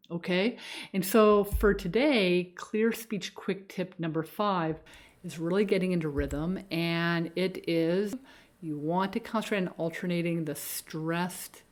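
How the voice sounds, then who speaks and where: A middle-aged female speech coach walks through a pronunciation lesson in an instructional video, speaking at an unhurried, deliberate pace. Her voice sits fairly low for a woman, and she often pauses to check in with a quick "okay?".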